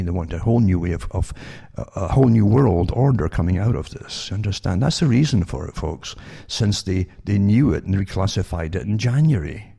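A man with a low, gravelly voice talks through news articles for his listeners in loose, rambling bursts. His tone is dark and husky, and he keeps breaking off and restarting to fire rhetorical questions at the audience. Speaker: online commentator reading news articles. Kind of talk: rambling spoken commentary to listeners.

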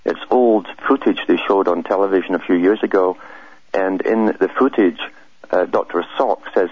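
Deep husky guy on radio, halting explainer, dry muffled sound. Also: no room sound. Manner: hesitant, repeats words, steady explaining. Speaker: radio guest. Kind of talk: conversational radio interview.

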